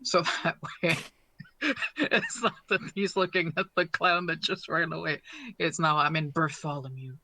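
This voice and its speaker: A man's voice: a little high, steady tone, moderate pace, bright, forceful tone, slight background noise. A man playing a tabletop game, describing his actions in a rambling, hesitant way. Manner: rambling, hesitant, with frequent fillers and laughter. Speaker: player. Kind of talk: casual tabletop play.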